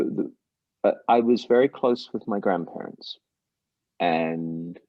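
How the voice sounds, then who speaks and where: A middle-aged man with an English accent, a musician guest telling stories with animated voice jumps. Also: slightly rough, no room sound, lo-fi sound. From England. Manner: animated storyteller, mimics voices with big pitch jumps. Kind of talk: casual interview over a call.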